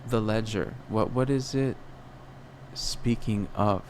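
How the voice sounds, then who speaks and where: A young man speaks alone on a podcast as its host, giving a personal, reflective monologue that rambles and questions itself, full of restarts and fillers. His voice is fairly low, slow and a little mellow, with slight background noise.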